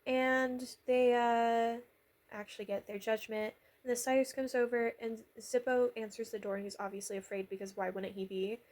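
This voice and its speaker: A woman's voice: a little high, fairly even intonation, moderate pace, a little mellow. A woman giving a casual, rambling recap, chatty and sarcastic, with lots of fillers, quoting characters in her own voice. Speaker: vlogger recapping a miniseries.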